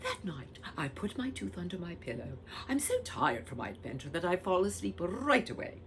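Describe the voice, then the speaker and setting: Woman reading a children's story, pitch swooping widely. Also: moderate pace, noisy background. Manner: very expressive, acts out the characters. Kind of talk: storybook read-aloud.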